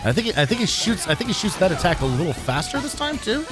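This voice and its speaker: A man giving casual, animated commentary while streaming a game, swearing freely and laughing easily. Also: sits high, quick pace. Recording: game music behind the voice. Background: game music.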